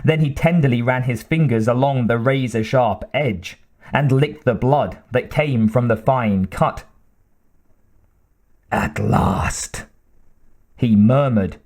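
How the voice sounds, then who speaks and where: A man narrating an audiobook in a measured, dramatic way with deliberate pauses. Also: medium pitch, a little mellow.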